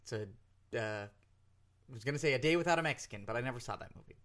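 A man co-hosting a comedy podcast, joking and bantering in an animated way. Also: mid-range voice, fast. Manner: animated, jokey delivery. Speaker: podcast co-host.

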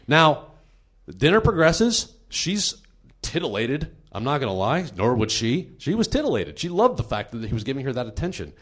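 A man hosting a comedy podcast, telling a true story in an animated, laughing way. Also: mid-range voice, moderate pace.

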